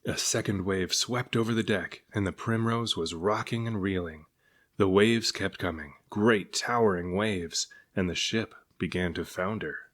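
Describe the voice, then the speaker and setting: A man with a fairly low voice reads a children's book aloud. He tells the story expressively, as a parent reading to a child. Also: measured pace, fairly bright tone.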